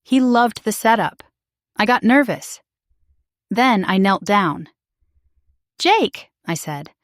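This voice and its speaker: Clear, dry-voiced woman storyteller. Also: mid-range voice, slow pace, dry recording. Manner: simple, even, carefully spoken sentences. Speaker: storyteller for English learners. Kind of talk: slow, clear first-person story reading.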